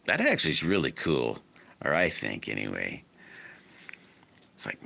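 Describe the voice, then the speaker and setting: Very deep gravelly man chatting. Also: wildly swooping pitch, measured pace, bright, forceful tone. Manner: rambling, self-correcting, chatty. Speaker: livestream host and slingshot maker. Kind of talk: casual live-stream chat with viewers. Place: home on a wooded property.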